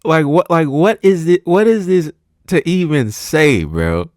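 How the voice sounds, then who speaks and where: A man's voice: a little high, animated, measured pace, a little mellow, no echo, studio quality. A young man co-hosting a reaction video, joking in laid-back slang and laughing often. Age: young adult. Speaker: co-host. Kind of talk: casual reaction chat.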